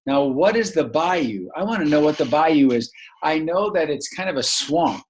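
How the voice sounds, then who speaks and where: A man from the northern United States, teaching a recorded English lesson to young children in a slow, chatty way, asking questions and answering them himself. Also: fairly high pitch, animated, husky. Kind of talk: online lesson to young learners.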